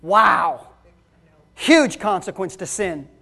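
A man's voice: high-pitched, animated, slow, creaky, bright, forceful tone. A man preaching a sermon, emphatic and calling the congregation folks.

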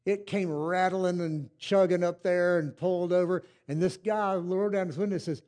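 Older guy preaching his story, high voice, goes soft then hollers. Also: fairly even intonation, normal speed, hardly any pauses. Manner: storytelling, swinging from hushed to loud and fervent. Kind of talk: sermon testimony.

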